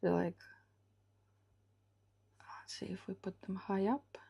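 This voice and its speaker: A woman illustrator narrates her live drawing session slowly and without hurry, thinking aloud and often dropping into a soft half-whisper while she sketches. Her medium-pitched voice is gravelly and husky, with a steady tone, and the recording sounds muffled.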